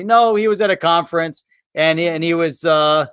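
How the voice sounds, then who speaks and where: A man's voice: fairly high pitch, moderate pace, fairly bright tone, smooth, no room sound, studio quality. A man co-hosting a live crypto talk show in casual chat, laughing often as he talks.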